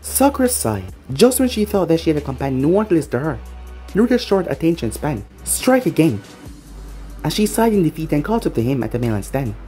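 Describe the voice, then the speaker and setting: A narrator reading a fan-fiction story aloud in an expressive way. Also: medium pitch, brisk, faint music behind.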